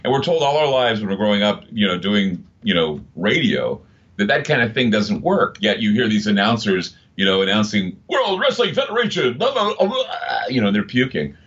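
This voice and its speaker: Male broadcaster, 50s, low voice, emphatic rambling storyteller, muffled lo-fi audio. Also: lively intonation, moderate pace, fairly bright tone. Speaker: radio broadcaster guest. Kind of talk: casual interview talk. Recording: dull lo-fi sound.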